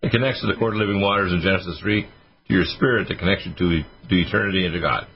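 A man's voice: deep voice, fast, slight background noise. A man, a doctor and regular host, answering listener questions on a call-in radio show, rambling through long lists with many fillers. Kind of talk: casual radio call-in advice. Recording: dull lo-fi radio audio.

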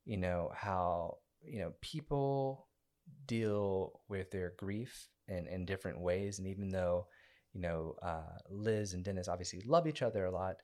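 A man co-hosting a casual movie review chat, easygoing and measured with some filler words. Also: deep voice, a little mellow. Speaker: podcast co-host reviewing a movie.

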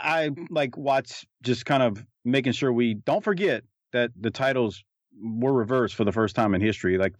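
A man's voice: fairly low pitch, no echo. A man co-hosting a casual commentary chat, rambling with many restarts and fillers. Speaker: podcast co-host. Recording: dull lo-fi recording.

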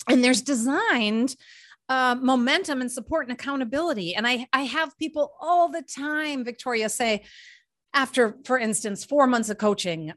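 A woman's voice: high-pitched, moderate pace, fairly bright tone. A woman life coach, talking animatedly in an interview and acting out her clients' questions. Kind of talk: interview conversation.

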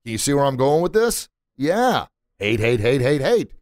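A man's voice: medium pitch, sing-song, moderate pace, a little mellow, no room sound. A middle-aged man hosting a motivational podcast from a recording studio, preachy and emphatic, hammering points home by repeating words. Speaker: podcast host. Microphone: studio mic.

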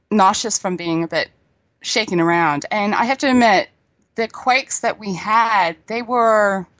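A middle-aged woman talks in a loose, chatty way and laughs easily. Her voice sits at an ordinary pitch. The sound is dry, with no room echo. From New Zealand. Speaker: guest. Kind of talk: casual chat.

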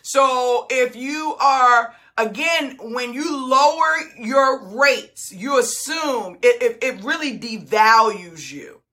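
A woman's voice: fairly high pitch, slow, few pauses, bright, forceful tone. A middle-aged woman hosting a group coaching call, talking in a fired-up, emphatic way. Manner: fired-up, emphatic, laughs often. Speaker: host.

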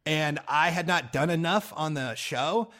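Young comedian man, quick animated storytelling, acts out quotes, swears freely. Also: on the high side. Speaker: comedian guest. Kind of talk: casual interview chat.

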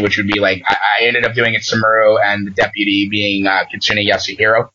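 A man in casual chat, recapping a game session as an animated storyteller who acts out the dialogue he quotes. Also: fairly low pitch, brisk, hardly any pauses, lo-fi sound.

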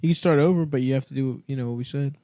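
A man's voice: mid-range voice, rapid-fire, dark tone, no room sound. A man hosting a casual podcast chat, pushy and profane, bantering and laughing with friends.

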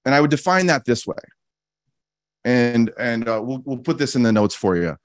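A man's voice: medium pitch, expressive, normal speed, dry recording, studio quality. A man giving a reflective teaching talk as a podcast host, earnest and repeating key phrases for emphasis, with casual restarts. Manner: frequent restarts and casual fillers.

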